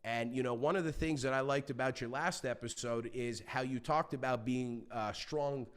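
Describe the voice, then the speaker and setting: A man talking as a podcast guest, telling stories in a passionate, animated way and swearing freely. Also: medium pitch, moderate pace, clean tone. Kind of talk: casual interview talk.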